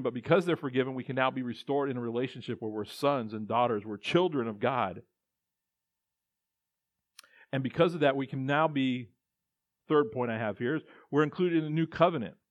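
A man's voice: mid-range voice, no room sound. A male pastor preaching a conversational sermon, with restarts and acted-out quotes. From Texas. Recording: dull, muffled dry sound.

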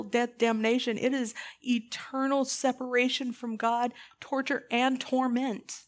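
A woman preaching a sermon in an earnest, impassioned way, putting pointed questions to her listeners. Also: high voice.

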